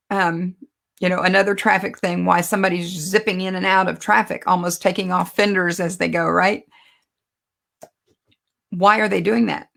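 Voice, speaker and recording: Woman preaching with a gravelly edge. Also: medium pitch, a bit bright. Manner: conversational, storytelling, self-deprecating asides. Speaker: speaker teaching a Bible lesson. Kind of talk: sermon.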